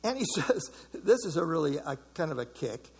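A man's voice: fairly high pitch, sing-song, normal speed, slightly rough. A man leading an evening church Bible study in a casual, conversational way, commenting on verses and asking the group for thoughts.

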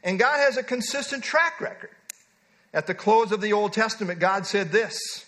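Male preacher, fairly high voice, emphatic sermon delivery with digressions. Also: animated, moderate pace, bright, forceful tone. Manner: emphatic, reads scripture aloud, digresses with asides.

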